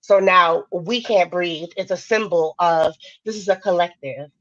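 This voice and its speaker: A woman's voice: fairly low pitch, unhurried, fairly bright tone, no echo, dull audio. A woman guest on a talk show, speaking passionately and informally, with many fillers like "like". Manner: passionate, informal, says "like" often. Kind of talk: casual interview talk.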